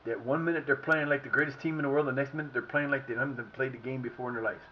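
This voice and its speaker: A man's voice: medium pitch, steady tone, very fast, highs cut off, a little hiss or hum. A man streaming a football management game, commenting live and venting at his players and the referee. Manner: frustrated, swearing, talking at his players and the referee.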